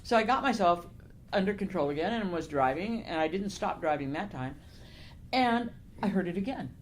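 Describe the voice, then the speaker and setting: A woman's voice: lowish voice, expressive, normal speed. An older woman author, talking in a casual interview, telling her stories with animation, laughing often and growing emotional. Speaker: novelist guest. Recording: faint background noise.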